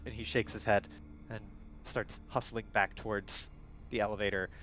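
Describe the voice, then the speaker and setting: A man's voice: on the low side, level tone, moderate pace, fairly bright tone, muffled recording. A man narrating a tabletop game as game master, rambling with many fillers and restarts.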